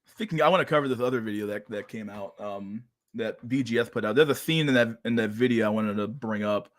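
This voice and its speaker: A man's voice: fairly low pitch, brisk. A man hosting a casual reaction stream at a desk mic, swearing and laughing in disbelief. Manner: profane, laughing, incredulous. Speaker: streamer host. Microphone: desk microphone.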